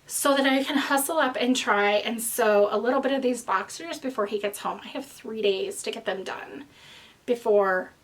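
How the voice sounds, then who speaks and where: A young woman talks casually to her viewers in a bright, high voice. She rambles and wanders off on tangents, and she sounds a little out of breath. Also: normal speed. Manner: rambling, chatty, with tangents and restarts. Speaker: knitting podcast host. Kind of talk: casual chat to camera.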